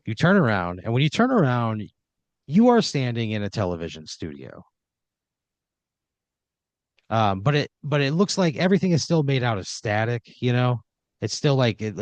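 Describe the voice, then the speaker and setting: A man's voice: medium pitch, no room sound, muffled recording. A man narrating an improvised horror comedy scene in a loose, rambling way, full of fillers and restarts. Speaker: storyteller running the scene.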